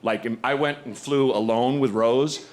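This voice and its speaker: A man performing a stand-up set, telling animated stories and acting out other people's voices on a handheld stage mic. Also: medium pitch, unhurried. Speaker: stand-up comedian. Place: comedy stage with audience. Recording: live show with audible background noise.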